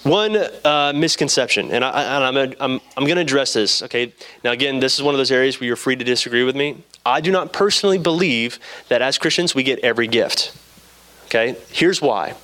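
Young male preacher, relaxed storyteller, mid-pitched voice, acts out the dialogue. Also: fairly quick. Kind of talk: sermon with personal story.

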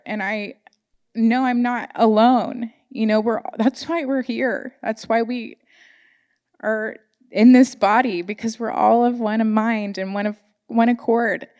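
In a church sanctuary, a woman delivers an earnest, emotional sermon to her congregation, sharing personal stories. Her voice is fairly high and a little mellow, with fairly even intonation and an unhurried pace.

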